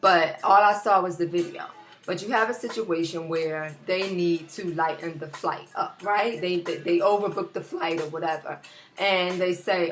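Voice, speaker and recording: A woman vlogging a casual opinion rant into a laptop, animated and rambling with many restarts. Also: fairly low pitch, moderate pace, faint music behind. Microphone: laptop built-in mic.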